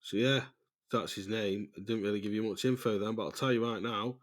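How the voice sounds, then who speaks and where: A man's voice: fairly low pitch, steady tone, fairly quick. A man, hosting a casual, rambling voice-note podcast, loose and chatty, swearing freely and laughing at himself. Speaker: podcast host.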